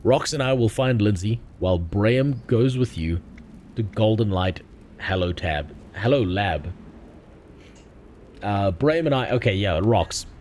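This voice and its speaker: A man's voice: lowish voice, lively intonation, unhurried, darkish tone, slight background noise. Profane joking streamer man. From South Africa. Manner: reads game dialogue aloud. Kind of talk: casual gaming stream commentary.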